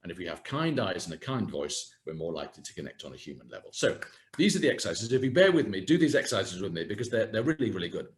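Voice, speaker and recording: A man with a fairly low voice teaches voice and posture in an online webinar. His pitch swoops a lot, and he demonstrates each point as he goes. He comes through a video call. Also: quick pace. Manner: lively, hands-on, demonstrating as he speaks. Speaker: communication and voice coach. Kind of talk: webinar talk with practical exercises.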